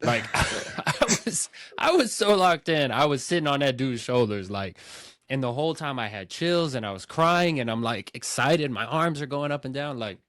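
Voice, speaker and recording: A man hosting a casual movie podcast, telling stories in an excitable, animated way. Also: medium pitch, normal speed, hardly any pauses, dry recording, clean studio sound. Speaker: podcast host.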